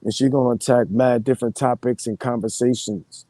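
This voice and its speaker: Laid-back slangy man, mellow voice. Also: mid-range voice, flat delivery, brisk, no room sound. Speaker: live streamer. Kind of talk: casual live-stream chat.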